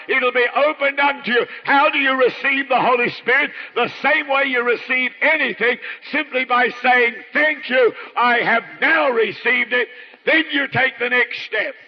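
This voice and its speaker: A man preaches a sermon in an emphatic, repeating cadence. His voice sits very high for a man. The recording is muffled and rings with the long echo of a large hall.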